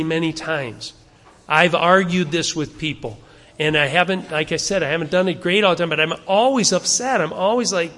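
A man's voice: high voice, in a large hall. A male pastor preaching a sermon in a church, earnest and conversational, acting out the arguments people raise. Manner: softens and slows into prayer at the close.

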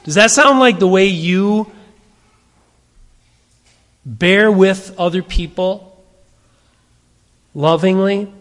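A man preaching a sermon, emphatic, shifting between strong stresses and quiet asides. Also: high-pitched, drawn-out words, long pauses, long reverb tail. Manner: emphatic, varies loudness, drops to quiet asides. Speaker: pastor.

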